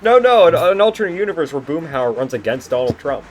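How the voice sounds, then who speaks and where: A man chatting casually with friends over voice chat while gaming, brash and quick to swear. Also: a little high, sing-song, background noise.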